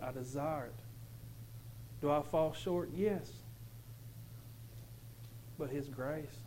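A man's voice: on the high side, a little mellow, a little hiss or hum, rough recording. A man giving an earnest, emphatic personal testimony to a congregation as a father, stumbling and repeating himself.

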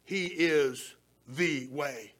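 A man preaching a sermon, swinging between shouted emphasis and soft near-whispers. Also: on the high side, very slow. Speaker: pastor.

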